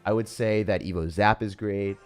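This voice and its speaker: A man giving live gameplay commentary as a streamer, casual and jokey, with sudden loud excited outbursts. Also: fairly low pitch, normal speed, clean tone, soft background music. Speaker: game streamer.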